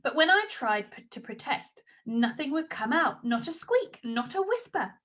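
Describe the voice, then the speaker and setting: A woman's voice: high voice, big pitch swings, moderate pace, fairly bright tone. A woman reading a storybook aloud, narrating expressively in the first person.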